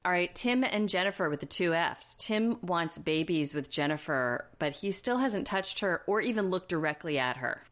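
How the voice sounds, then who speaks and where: Woman, podcast co-host, casual chat, candid opinions, quick asides, very low pitch. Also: animated, fairly bright tone.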